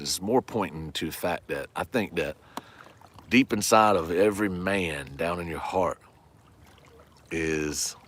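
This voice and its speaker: A man's voice: very deep voice, fairly bright tone, a little hiss or hum. A man, chatting and joking with viewers during a fishing livestream from a lake shore. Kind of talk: casual livestream chat. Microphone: phone camera.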